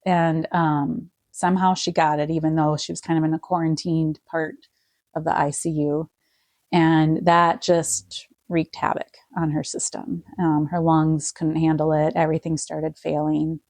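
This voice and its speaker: Soft-spoken woman telling a painful story. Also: sits low, flat delivery, measured pace, dry recording. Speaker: guest. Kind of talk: personal storytelling interview.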